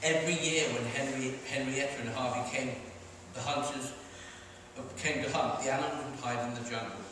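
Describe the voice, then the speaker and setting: A man's voice: mid-range voice, moderate pace. A man from Sweden, an author, reading his storybook aloud to children in a library. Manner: clear, expressive storytelling. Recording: echoey hall from far off, noisy.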